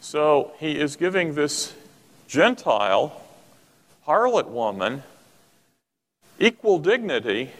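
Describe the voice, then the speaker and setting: A man's voice: fairly high pitch, sing-song, slow pace, long pauses. A man preaching a sermon, emphatic and full of rhetorical questions aimed at the congregation. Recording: long reverb of a hall.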